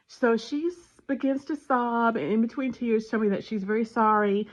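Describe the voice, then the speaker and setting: A woman casually telling a family story and giving parenting advice, animated and acting out the dialogue. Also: fairly high pitch, measured pace. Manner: animated retelling with voiced dialogue. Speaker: parenting vlogger. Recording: dull lo-fi sound.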